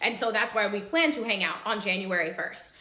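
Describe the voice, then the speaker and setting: A woman's voice: medium pitch, a little fast, reverberant. A young woman casually telling a dramatic story about a friend while she gets ready, and she acts out the dialogue. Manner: animated, dramatic retelling with quoted dialogue.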